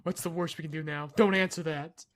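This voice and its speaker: A man's voice: a little high, fairly even intonation, fairly quick, a bit bright, slight background noise. A young man hosting a podcast, chatting casually and crudely, swearing freely and joking with a lot of laughter. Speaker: podcast host. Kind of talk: casual comedic chat.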